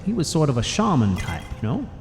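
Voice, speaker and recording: A man's voice: on the high side, huge pitch swings, fairly quick. A man voicing a rambling, folksy older male Nord warrior who tells old war stories in a game story. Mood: explaining. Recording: long reverb, faint music behind.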